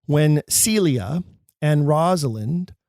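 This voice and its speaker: A man with a voice pitched a little high talks emphatically and theatrically about stage verse, like a drama teacher. The sound is close and dry, with no room around it. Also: expressive, takes it slowly, vocal fry, darkish tone, dry recording. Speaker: podcast host. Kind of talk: scripted lecture on acting Shakespeare.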